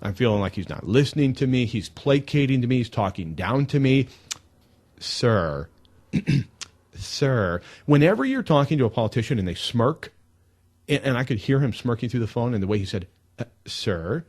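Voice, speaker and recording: A man hosting a live talk radio show, telling stories in an emphatic, animated way into a studio mic. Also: medium pitch, fairly quick.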